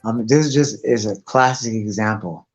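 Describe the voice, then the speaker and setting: A man's voice: lowish voice, measured pace. A man chats loosely on a live stream, cussing nearly every sentence as he rambles from one thought to the next. The audio is dull and lo-fi, with faint music playing underneath. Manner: profane, rambling, swears constantly. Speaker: guest on a live stream chat. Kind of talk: casual rambling chat.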